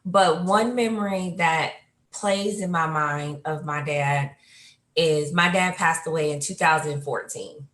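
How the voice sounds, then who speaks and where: A woman panelist telling personal memories in an animated way, jumping high when she quotes herself. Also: unhurried, echoey room. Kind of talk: personal storytelling.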